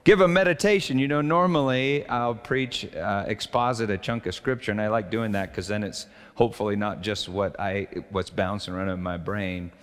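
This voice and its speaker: A man's voice: on the low side, fairly even intonation, normal speed, hardly any pauses, a bit bright, big-room sound. An older man, a pastor, giving a conversational sermon with stories, fillers and restarts.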